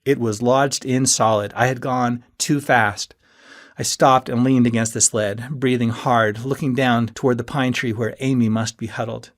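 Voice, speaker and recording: A man reading a first-person audiobook in a steady storytelling manner that rises with moments of tension. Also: mid-range voice, measured pace. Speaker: audiobook narrator.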